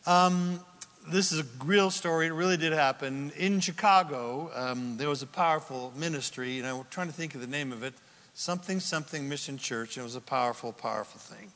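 A man preaching a sermon in a lively storytelling way, acting out the people he talks about. His voice sits high and sounds bright and ringing. The room around him is a large hall with a long reverb. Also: a little fast. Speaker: pastor.

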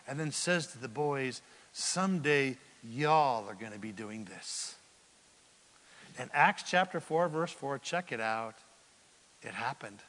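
A man preaching with a high, bright, ringing voice. He swings from loud cries to hushed near-whispers as he makes his points. His words echo with the long reverb of a large hall. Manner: dramatic, swings from loud bursts to hushed asides. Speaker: pastor. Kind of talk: sermon.

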